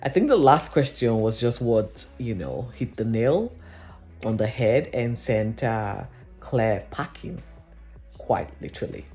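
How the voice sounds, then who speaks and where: A mellow, unhurried voice runs through a reality TV episode in a casual vlog. The delivery is chatty and gossipy, and "literally" comes up again and again. Faint music plays in the background. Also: mid-range voice, expressive. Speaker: reality TV recap vlogger.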